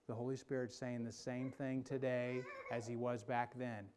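A man preaching a sermon as pastor, swinging between emphatic calls and soft, hushed passages. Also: medium pitch, level tone, normal speed, hardly any pauses, noisy background. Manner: preaching with rising emphasis, then dropping to a soft hush.

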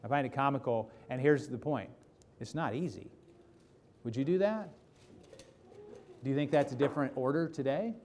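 A man's voice: medium pitch, moderate pace, pauses often, a little mellow, a little hiss or hum. A man preaching a casual sermon, joking and putting questions to the congregation. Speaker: pastor. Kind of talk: conversational sermon.

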